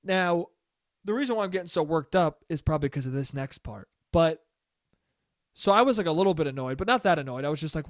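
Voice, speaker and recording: A young man hosting a solo podcast, telling a rambling, profane story in a casual, animated way. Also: sits high, a little fast, no room sound, studio quality. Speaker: podcast host.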